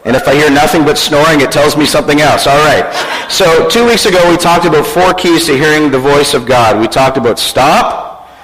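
Joking pastor in a reverberant hall. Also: male voice, on the high side, brisk, a bit bright. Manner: joking, teasing the congregation. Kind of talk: sermon.

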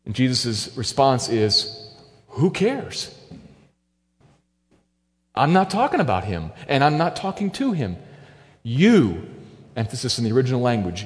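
Male preacher, mid-range voice, emphatic sermon delivery, long hall echo. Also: mid-range voice. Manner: earnest, emphatic preaching with dramatic quoted lines.

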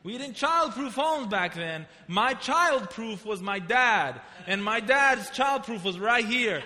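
A man's voice: high voice, slow pace. A man preaching a sermon as a pastor, telling a personal story and asking his listeners pointed questions. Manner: storytelling preacher, animated, asks the congregation questions. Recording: reverberant hall.

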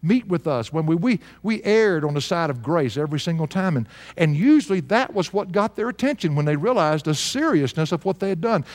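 A man's voice: on the high side, darkish tone. A man in his sixties preaching a sermon, telling a story and chuckling now and then with earnest emphasis. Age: 60s. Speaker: pastor. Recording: long hall reverb.

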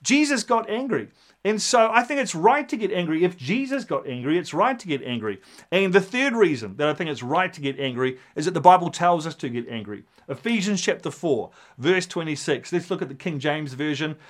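A man preaching a sermon with a somewhat high voice. He tells it like a story, animated, and acts out the voices of the people in it. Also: fairly quick. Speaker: pastor.

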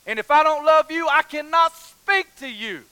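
High-voiced pastor preaching with passion. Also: male voice, normal speed, sharp tone, dry recording, rough recording. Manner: impassioned, repeats phrases, rhetorical questions. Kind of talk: sermon.

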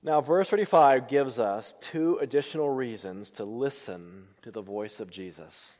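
A man preaching a sermon, swinging between loud emphatic lines and hushed, low phrases. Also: animated, unhurried. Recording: long reverb of a large hall.

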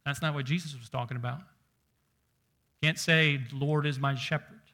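A man preaching a sermon, emphatic, slowing down and dropping to a near whisper to stress points. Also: medium pitch, fairly even intonation, pushed and bright.

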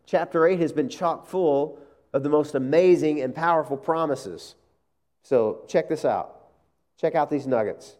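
A middle-aged pastor preaches in a relaxed, conversational way, his voice mellow and dark. He acts out quotes with lively asides. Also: on the high side, a little slow. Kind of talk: sermon.

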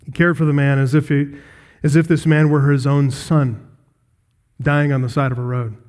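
Higher-voiced man preaching a sermon. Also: flat delivery, moderate pace, darkish tone. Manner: earnest expository preaching with rhetorical questions. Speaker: pastor.

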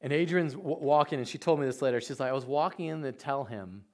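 A male pastor preaching, telling personal stories, dropping to quiet asides and rising to shouted emphasis. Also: mid-range voice, quick pace. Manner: storytelling, swings from hushed asides to shouted emphasis. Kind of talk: sermon.

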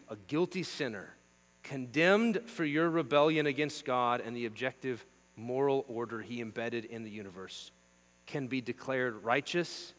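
A man preaching a sermon, emphatic and rhythmic, swinging between hushed passages and forceful declarations. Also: medium pitch. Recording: long reverb with mains hum.

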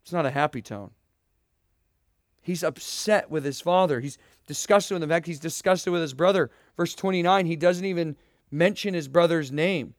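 Young guy preaching, earnest and punchy, lots of rhetorical questions, slightly high voice, dry close sound. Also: moderate pace, no room sound. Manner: earnest and emphatic, rhetorical questions, addresses students. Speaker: pastor. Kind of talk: sermon.

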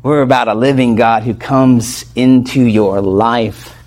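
A man preaching an expository sermon as pastor, emphatic, asking the congregation rhetorical questions and swinging between loud declarations and hushed passages. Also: medium pitch, fairly even intonation, measured pace.

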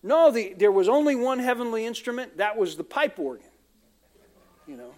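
A man's voice: very high-pitched, expressive, moderate pace. A man from the United States, a pastor preaching a conversational sermon full of asides and acted-out quotes.

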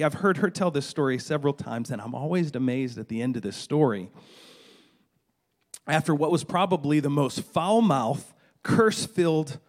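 A middle-aged man preaching a sermon, retelling a story dramatically with stammered restarts. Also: on the high side. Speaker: pastor.

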